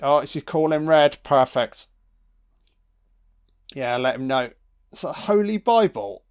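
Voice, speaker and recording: A man's voice: on the high side, animated, measured pace, clean tone. A man giving a sarcastic, profanity-laced audio commentary while watching a film. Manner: sweary, sarcastic, reacting live.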